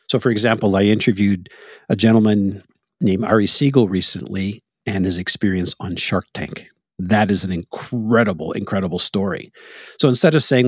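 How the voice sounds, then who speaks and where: A man's voice: lowish voice, moderate pace, dry recording, clean studio sound. A Canadian man hosting a podcast, chatting casually and animatedly, laughing often as he tells anecdotes. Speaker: podcast host. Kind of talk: casual conversation.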